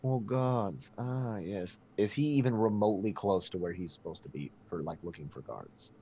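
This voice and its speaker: A man playing a tabletop game, speaking casually and bluntly. His voice is fairly low but moves around a lot, with faint noise behind it. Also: lively intonation, brisk, mellow. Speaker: player.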